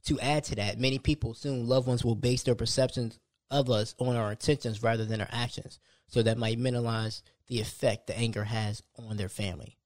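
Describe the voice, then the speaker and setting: A man's voice: mid-range voice, fairly even intonation, fairly quick, a little mellow, dry recording, studio quality. A young man hosting a solo podcast, talking casually and conversationally, often restarting his sentences. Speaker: podcast host.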